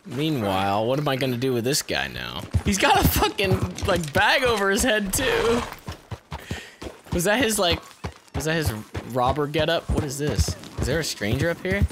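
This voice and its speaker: Excitable swearing gamer, lively voice. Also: male voice, on the high side, normal speed, noisy background. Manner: excitable, swears a lot, laughs and yells at the game. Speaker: gamer playing through a video game. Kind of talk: casual let's-play commentary.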